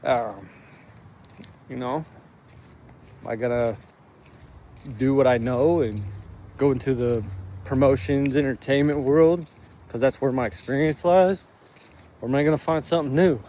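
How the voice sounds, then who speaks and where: A man speaks openly and with deep feeling in a personal vlog recorded outside. His talk is loose and heartfelt, full of fillers and casual swearing. A faint noise sits behind his voice. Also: unhurried, long pauses, mellow. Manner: candid, heartfelt, swears freely, many fillers. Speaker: vlogger sharing his recovery. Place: outdoors in sun and breeze.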